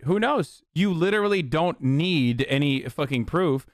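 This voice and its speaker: A man commenting angrily on a clip he plays, swearing often and sometimes shouting in disbelief. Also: a little high, lively intonation, measured pace, no echo, studio quality. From American South. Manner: profane, angry, incredulous, sudden shouts. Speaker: streamer reacting to a clip. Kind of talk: heated reaction commentary.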